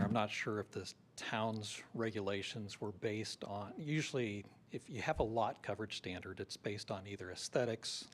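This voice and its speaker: A man's voice: on the low side, slight background noise. A man who works as an urban planner, giving public comment at a town meeting in a practical, reasoned way with a touch of humor. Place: town hall meeting room.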